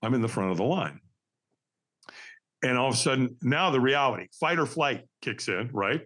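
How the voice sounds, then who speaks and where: A man telling a personal story as a podcast guest, energetic and vivid, acting out what others said. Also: mid-range voice, normal speed. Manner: energetic, acts out quoted voices, frequent restarts. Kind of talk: animated storytelling.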